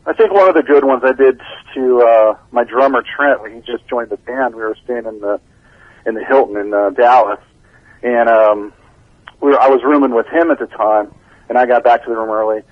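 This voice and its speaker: A man giving a casual interview as a band's bassist, telling stories with a laid-back manner and frequent laughs. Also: brisk, dry recording. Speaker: band bassist, interview guest. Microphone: phone line. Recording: dull lo-fi phone call.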